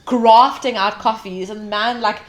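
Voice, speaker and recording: A woman guest in a casual interview, telling animated stories, swearing freely and acting out what others said. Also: on the high side, unhurried. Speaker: hospitality guest.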